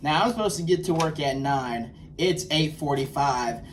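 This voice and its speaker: A man's voice: on the high side, expressive, normal speed. A man acting as a self-styled life coach, giving a motivational lecture to camera in a preachy, scolding, emphatic way. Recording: distant mic with faint background noise.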